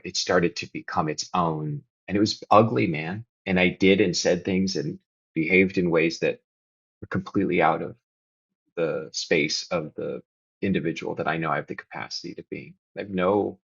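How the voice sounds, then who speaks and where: As a podcast guest in a candid, confessional conversation, a man shares earnestly and reflectively, sometimes rising into emphatic bursts. His deep, husky voice has vocal fry and a steady tone at a moderate pace, and the recording is muffled.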